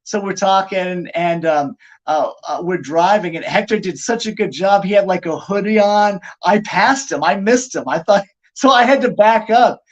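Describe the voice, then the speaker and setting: A middle-aged man, a pro wrestler guest on a podcast, telling anecdotes in an animated, casual way with lots of "like" fillers. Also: high voice, normal speed, muffled recording.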